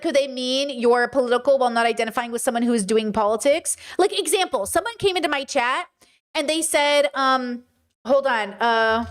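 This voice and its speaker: A woman hosting a livestream, reading chat comments aloud and answering them bluntly, with frequent swearing and exasperation. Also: on the high side. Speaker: livestream host.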